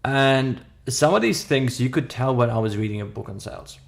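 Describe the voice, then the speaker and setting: A gravelly, mid-range male voice at a normal speed belongs to a podcast co-host in his thirties with a foreign accent in English. He tells a story in a casual podcast conversation, emphatic and restarting often.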